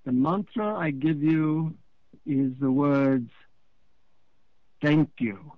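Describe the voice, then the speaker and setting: A man voicing an old male Indian guru who speaks in slow, grave pronouncements, with an Indian accent. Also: on the high side, no room sound, phone-quality sound. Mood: solemn.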